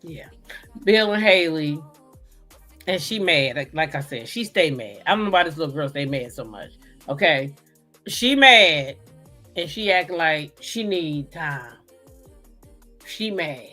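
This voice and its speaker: A woman host recapping soap opera episodes in a casual, sassy chat with animated storytelling. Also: low voice, measured pace, pauses often, faint music behind.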